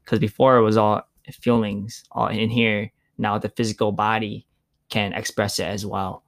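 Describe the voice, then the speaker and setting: A man's voice: on the low side, little pitch movement, moderate pace. A man talking casually and reflectively, loose with filler words and the odd swear. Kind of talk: casual chat.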